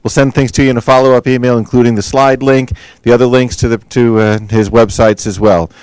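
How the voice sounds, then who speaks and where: A man's voice: medium pitch, fairly even intonation, brisk, a little mellow, clean tone, no echo, low-quality recording. A male webinar host closing the session with casual, friendly announcements. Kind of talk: wrapping up a webinar.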